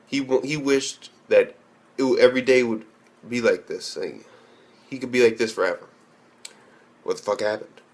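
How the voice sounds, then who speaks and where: A young man with a medium-pitched, slightly mellow voice delivers an anime review as a profane rant. Blunt and full of swearing, he rambles and starts over repeatedly.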